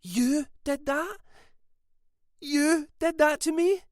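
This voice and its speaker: A woman's voice: high-pitched, slow, darkish tone, no echo, clean studio sound, voice pushed up. A man voicing a fragile, frightened young wife who pleads and panics. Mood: distraught.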